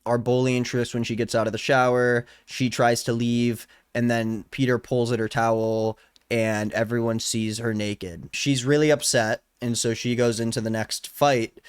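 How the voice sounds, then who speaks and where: A man's voice: mid-range voice, little pitch movement, moderate pace, clear, resonant tone, no room sound. A man in his twenties giving a casual, sarcastic and incredulous reaction to a novel he is reading. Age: 20s. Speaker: book reviewer. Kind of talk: casual book reaction vlog.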